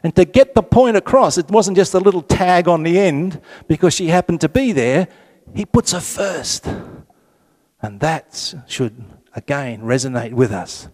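A man leading a Catholic Bible study group, reading passages slowly and adding joking asides. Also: fairly high pitch. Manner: lively, joking asides, reads scripture slowly.

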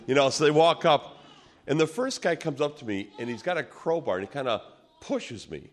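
A man preaching, telling a personal testimony as an animated storyteller who acts out the people he quotes. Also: medium pitch, brisk. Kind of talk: sermon storytelling.

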